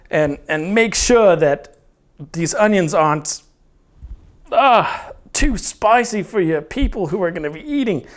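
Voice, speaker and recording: A young man hosting a comedic cooking show, talking through his chopping with crude jokes and swearing. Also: sits high. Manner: crude, joking, instructional patter with swearing.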